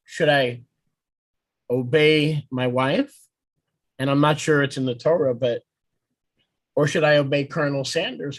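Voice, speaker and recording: A man leads a meeting with a slightly raised pitch, teasing his companions in playful banter. He jokes freely as he teaches. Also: no room sound. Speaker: congregation leader.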